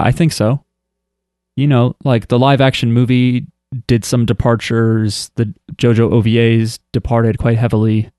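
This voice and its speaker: A man co-hosting a casual podcast chat, animated and jokey, often acting out silly voices when quoting. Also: mid-range voice, smooth, dry recording, studio quality. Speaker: podcast co-host.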